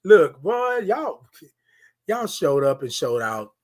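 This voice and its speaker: A man hosting a live-streamed morning show, talking in a preachy, affirming way, repeating his lines and swinging from loud to hushed. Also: fairly high pitch, very animated, takes it slowly. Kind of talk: motivational live-stream talk.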